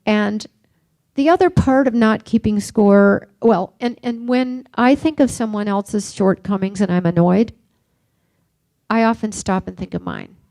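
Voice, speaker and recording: Gravelly older woman giving a workshop talk. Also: medium pitch, unhurried, no room sound. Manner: reflective, anecdotal, gently questioning. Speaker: workshop speaker.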